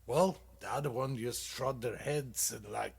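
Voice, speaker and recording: A man hosting a comedy show, telling stand-up dad jokes in a halting, casual, profane way, with lots of fillers and loud laughs at his own punchlines. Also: medium pitch, creaky, breathy edge.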